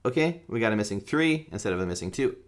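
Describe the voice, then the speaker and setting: A man's voice: fairly low pitch, expressive, quick pace. A man teaching a guitar rhythm lesson in a casual, joking way, counting beats aloud while he strums.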